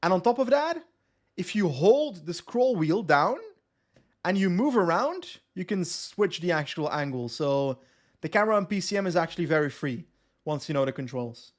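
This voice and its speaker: A young man from West Flanders, Belgium, whose first language is West Flemish Dutch, streams a cycling game with casual live commentary in a Flemish accent. His voice sits high and swings widely in pitch at a moderate pace. He's chatty, reading his chat aloud and answering it.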